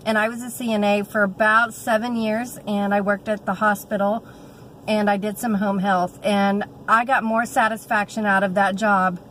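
A woman in her thirties with a drawl talks casually to her viewers in a chatty, heartfelt way. She pauses on fillers and restarts often. She records on a phone held at arm's length in a car, with faint vehicle noise behind her. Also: mid-range voice, a bit bright, rough recording. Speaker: vlogger. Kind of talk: casual chat vlog.

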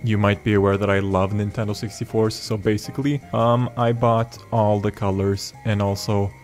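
A young man, vlogging in a dry, deadpan comedic way. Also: lowish voice, normal speed. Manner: deadpan, dry absurd humor. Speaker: YouTuber. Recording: music playing underneath.

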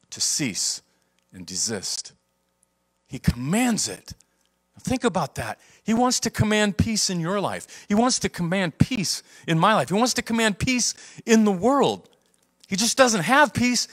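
A man pastor preaching a sermon, swinging from loud emphasis to hushed, quiet delivery. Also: on the high side.

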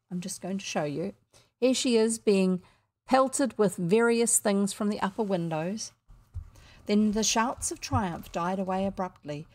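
A New Zealand woman reads a children's classic aloud at an unhurried pace and ordinary middle pitch. Between chapters she stops for chatty, amused asides.

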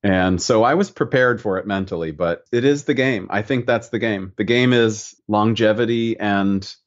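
A man from the United States speaks as a podcast guest, slow to reflect and easy in his storytelling. His voice sits a little low. The recording sounds muffled and lo-fi. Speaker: guest painter. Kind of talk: relaxed podcast conversation.

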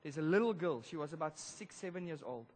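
A male pastor telling a story in a sermon, animated, swinging between loud emphasis and hushed moments. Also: fairly high pitch, fairly quick, husky. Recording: long church hall reverb.

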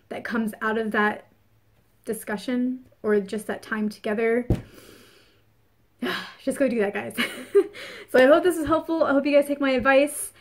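A woman giving a casual spoken astrology forecast, chatty and earnest, repeating phrases for emphasis. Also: a little high. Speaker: spiritual reader.

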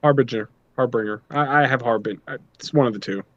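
A man's voice: mid-range voice, fast, sharp tone, no echo, dull audio. A man hosting a casual podcast, talking through his notes and giving his opinions freely. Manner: talkative, reads notes, opinionated. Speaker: podcast host.

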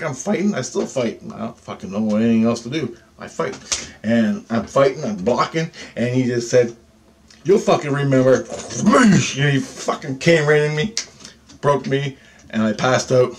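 A man telling a story about alien contact, swearing heavily, agitated and animated. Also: mid-range voice, slight background noise. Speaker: self-described alien contactee. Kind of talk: storytelling monologue.

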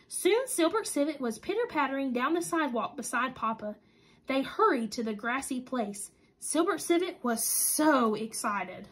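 A woman reading a children's story aloud in an expressive, sing-song, deliberate way. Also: high voice, breathy edge. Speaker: storybook reader.

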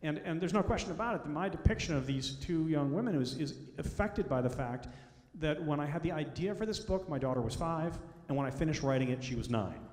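A man's voice: on the high side, expressive, fairly quick, a little mellow. Man telling stories in an echoey hall. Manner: storytelling, acts out quoted voices. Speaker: author speaking to an audience. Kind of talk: anecdotal talk. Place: school auditorium. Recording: echoey hall, long reverb.

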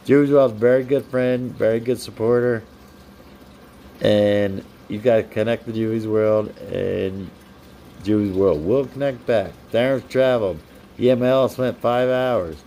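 A young man hosting a casual live stream, reading out viewers' comments and names and giving them shout-outs in a chatty, upbeat way. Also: on the low side, fairly even intonation, measured pace, slight background noise. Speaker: livestream host.

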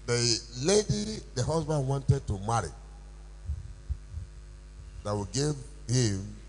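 A man preaches in a church, drawing out his words slowly and swinging his pitch up and down. He puts questions to the congregation and rises to shouts at the high points. A faint mains hum runs under the recording. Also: low-quality recording. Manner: call-and-response preaching, rising to shouts. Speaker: pastor. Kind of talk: sermon.

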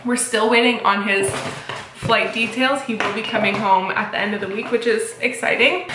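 A woman's voice: medium pitch, fairly even intonation, normal speed, echoey room, background noise. A young woman vlogging at home, chatting to camera in a giggly, rambling way. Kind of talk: casual vlog chat to camera.

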